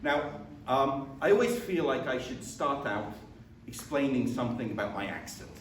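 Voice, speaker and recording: A middle-aged man with a British accent blended with Scottish and Baltic sounds gives a self-deprecating academic lecture, full of ums and restarts. His voice sits at an ordinary pitch. He is picked up from a distance in an echoey room over a faint hiss. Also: expressive, normal speed. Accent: mixed British with Scottish and Baltic tinges. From born in the UK, raised in England. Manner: self-deprecating, with frequent fillers and repeated words. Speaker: visiting professor.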